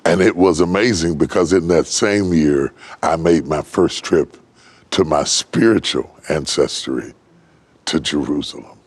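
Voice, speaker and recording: An older man from West Virginia preaching a sermon, building from low, slow telling to high, ringing shouts. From West Virginia, United States. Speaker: pastor.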